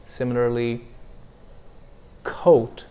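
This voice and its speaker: A male accent coach gives a one-on-one pronunciation lesson at a slow, unhurried pace, drawing out every vowel while modeling words for a student. His pitch is plain mid-range, with fairly even intonation and a dark tone. There's slight background noise.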